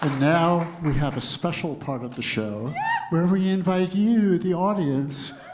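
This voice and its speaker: A man's voice: on the high side, a little slow, a crowd in the background, noisy background. A man in a band introducing a song to a concert audience, joking and teasing himself. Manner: joking, self-mocking. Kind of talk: live stage banter. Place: live music venue stage. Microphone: stage vocal mic. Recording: roomy live concert with audience.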